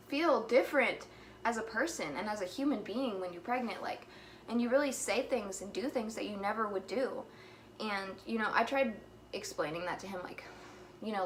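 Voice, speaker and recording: Speaking at a moderate pace in a medium pitch, this vlogger chats casually while slightly breathless. A little hiss or hum sits under her rambling, which is full of fillers like "like" and "you know."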